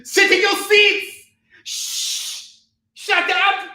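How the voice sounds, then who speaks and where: A man mockingly putting on a stern, bossy teacher who shouts orders at pupils. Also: very high-pitched, level tone, very slow, pitched above the performer's own voice, full character voice. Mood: barking. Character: shrill, stern, bossy strict math teacher. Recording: roomy echo, from the mic.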